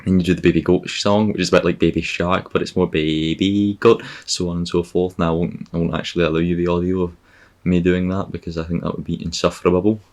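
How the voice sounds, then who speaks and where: Scottish man, very deep voice, podcast host, sarcastic, profane, rambling comic monologue. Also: completely flat delivery, quick pace, darkish tone. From Scotland.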